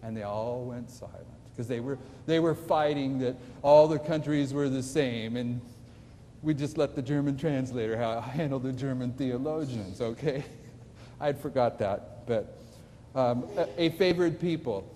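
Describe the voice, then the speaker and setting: A man's voice: medium pitch, unhurried, dark tone, slight background noise. A man preaching a sermon-style lecture who keeps questioning his audience with emphasis. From United States. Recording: distant echoey hall recording.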